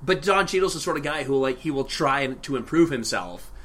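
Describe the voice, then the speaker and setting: A man's voice: mid-range voice, expressive, brisk, a bit bright, slight background noise. A man co-hosting a podcast, chatting casually and rambling about movies, often laughing. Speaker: podcast co-host.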